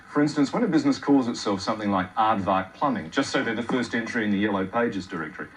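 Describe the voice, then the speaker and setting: A man presenting sketch comedy in a mock-serious, halting way. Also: mid-range voice, fairly bright tone, rough recording. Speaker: comedy host.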